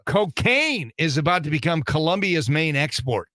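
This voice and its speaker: An older man hosts a comedy radio show from the studio, firing off gags in a wisecracking way. His voice sits a bit high and sounds bright and forceful. The sound is dry and close. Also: big pitch swings, moderate pace, no room sound. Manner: wisecracking, jokey delivery. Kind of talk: morning radio comedy chat.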